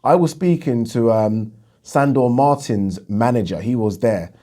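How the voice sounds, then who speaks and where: A man hosting a boxing vlog, talking in a chatty, animated way and repeating himself for emphasis. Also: medium pitch, unhurried. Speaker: boxing channel host. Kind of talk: casual vlog talk.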